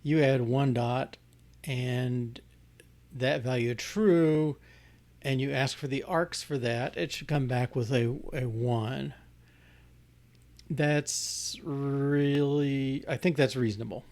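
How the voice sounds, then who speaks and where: A man's voice: medium pitch, fairly even intonation, slow, darkish tone. A man working through code on screen, thinking aloud with frequent restarts and fillers. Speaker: programmer demonstrating code. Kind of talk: casual live coding walkthrough.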